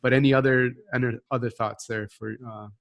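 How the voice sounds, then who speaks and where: A man's voice: mid-range voice, fairly even intonation, fairly quick, vocal fry, a bit bright. A man cohosting a live leadership Q&A, giving upbeat, motivational advice in numbered points. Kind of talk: live Q&A conversation.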